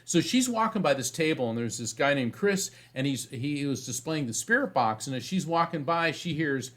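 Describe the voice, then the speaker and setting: A man being interviewed as a psychic medium, telling a story in an animated way and often restarting phrases. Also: a little high, a little fast.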